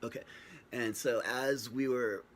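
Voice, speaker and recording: At home in front of a screen camera, a man tells his own story in a loose, joking, rambling way, acting out the dialogue of others. His mid-range voice is steady and a little slow, recorded on the built-in camera mic with heavy background noise.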